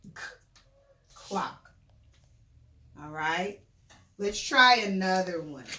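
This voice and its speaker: A woman's voice: mid-range voice, bright, forceful tone, echoey room. A woman teacher giving a remote phonics lesson to young children, patiently sounding out words and their individual sounds. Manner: patient, encouraging, sounds out phonemes slowly.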